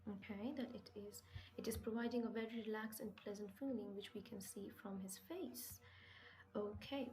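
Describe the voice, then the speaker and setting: A woman's voice: mid-range voice, steady tone, moderate pace, darkish tone, poor audio. A woman teaching English vocabulary, asking questions and answering them herself, stressing key words. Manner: patient, asks and answers her own questions. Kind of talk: slow classroom explanation with questions.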